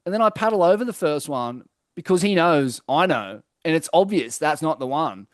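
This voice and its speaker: A man's voice: on the high side, animated, moderate pace, no echo, studio quality. A young Australian man co-hosting a casual podcast, telling stories loosely with plenty of swearing and fillers. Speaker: podcast co-host. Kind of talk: casual chat.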